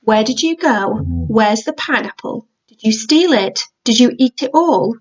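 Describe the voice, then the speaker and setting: A woman's voice: fairly high pitch, lively intonation, a little slow. A woman voicing a fierce, protective older sister who scolds her little brother, in a storybook reading. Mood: stern. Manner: stern, scolding. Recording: dull lo-fi audiobook recording.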